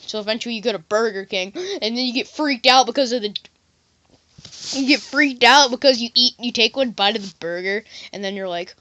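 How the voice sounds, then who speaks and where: A woman's voice: fairly high pitch, brisk, bright, forceful tone, no room sound. A woman talking in a silly, rambling comedy monologue as a vlogger, often jumping into goofy voices.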